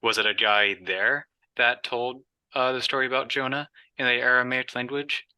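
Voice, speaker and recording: A man in a casual Bible study group, asking questions hesitantly with many pauses and fillers. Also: mid-range voice, steady tone, bright, forceful tone, clear, resonant tone, dry recording.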